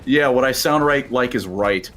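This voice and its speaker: A man's voice: mid-range voice, normal speed, crowd noise. A man in a casual stream chat, wry and sardonic, spinning stories.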